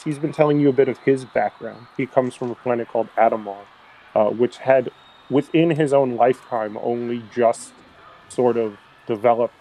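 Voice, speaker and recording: A man narrating a tabletop role-playing game as game master, in a relaxed, rambling way full of fillers. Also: mid-range voice, rough recording. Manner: relaxed, filler-heavy storytelling.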